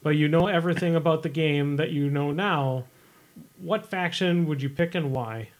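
A man's voice: fairly high pitch, normal speed. A man hosting a podcast in casual chat, rambling and self-deprecating, with casual swearing. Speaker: podcast host.

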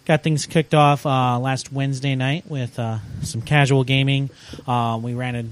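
A man talking casually on a podcast as a visiting sales rep. His voice sits in an ordinary middle pitch. His delivery is relaxed and halting, with frequent uh pauses. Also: slight background noise. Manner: relaxed, hesitant with many uh fillers.

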